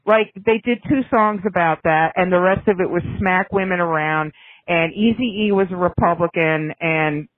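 A woman's voice: fairly low pitch, normal speed, dry recording. Snarky woman on a tinny line. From United States. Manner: snarky, opinionated, talks in bursts. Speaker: podcast co-host. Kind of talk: casual chat.

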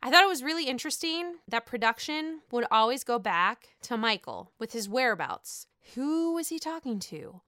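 A woman casually recapping a reality show, animated and profane, acting out the people she talks about. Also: on the high side, clear, resonant tone, dry recording, clean studio sound. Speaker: recap podcast host.

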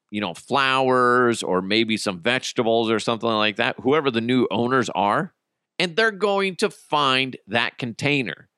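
A man's voice: mid-range voice, sharp tone, no room sound, clean studio sound. A man hosting a podcast, telling stories in a casual, profane, comedic way and laughing at his own jokes. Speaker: podcast host.

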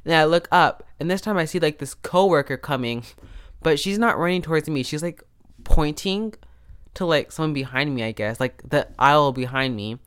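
A man's voice: fairly high pitch, moderate pace, fairly bright tone, clean tone. Rambling man telling a story on a podcast. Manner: self-interrupting, restarts and asides. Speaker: podcast host. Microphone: podcast microphone.

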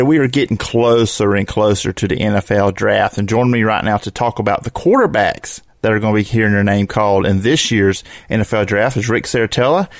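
A man's voice: on the low side, no room sound. Man, Alabama accent, podcast host, upbeat, casual, dry close sound. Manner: upbeat, loose with fillers.

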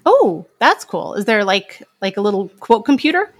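A woman's voice: medium pitch, big pitch swings, normal speed, husky. A woman hosting a podcast, asking questions and closing the show in an upbeat, playful way. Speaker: podcast host. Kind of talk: podcast interview and outro.

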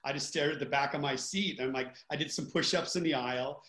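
A man's voice: on the high side, brisk, bright, forceful tone. A man chatting casually, teasing and laid-back. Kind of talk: casual chat. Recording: roomy echo.

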